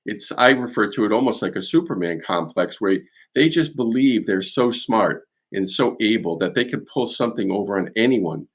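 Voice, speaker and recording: Man, boston accent, low voice, measured expert guest, restarts often. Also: expressive. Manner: measured, explanatory, many fillers and restarts. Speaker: security and art crime expert guest. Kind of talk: conversational expert analysis.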